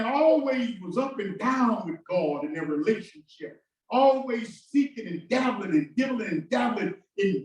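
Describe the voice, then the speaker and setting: A male pastor with a high voice delivers an impassioned sermon in a church sanctuary, using call-and-response with shouting bursts and sudden drops. The echoey recording is captured from a distance.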